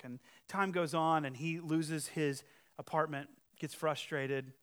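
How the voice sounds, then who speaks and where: A man's voice: a little high, fairly even intonation, a little slow. A male pastor preaching a sermon, emphatic, with conversational asides and rhetorical questions. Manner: emphatic, swings from loud challenge to quiet earnest appeal.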